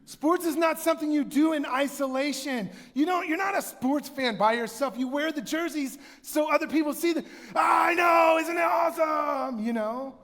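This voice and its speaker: A man with a very high voice preaches a sermon in a chatty, animated way, now and then raising his voice to a shout. The long reverb of a church hall trails after his words. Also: moderate pace, hardly any pauses. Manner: conversational, animated storytelling with bursts of shouting. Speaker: pastor. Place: church sanctuary.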